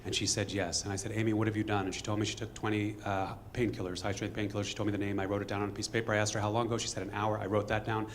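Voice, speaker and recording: A man telling a true story on stage to a live audience in a fast, conversational way, acting out bits of dialogue. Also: on the low side, flat delivery, slight background noise.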